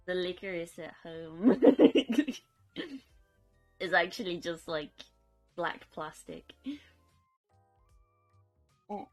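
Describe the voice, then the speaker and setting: A woman's voice: fairly low pitch, animated, extremely slow, long pauses, darkish tone, soft background music. A young woman chatting casually on a live stream, giggling often and reading out chat. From United Kingdom.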